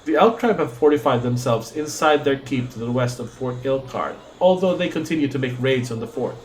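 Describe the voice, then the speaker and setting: A man reading a gentle, wise old male druid from a game, calm and solemn. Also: medium pitch, fairly quick, a little hiss or hum, natural voice. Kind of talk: reading game dialogue aloud.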